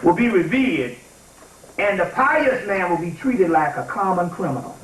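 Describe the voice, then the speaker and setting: A man giving an informal spiritual lecture to a live audience, animated and emphatic, often checking in with his listeners. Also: high voice, normal speed, slight background noise. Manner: animated and emphatic, often asks "you see what I'm saying?". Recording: echoey room, taped from far off.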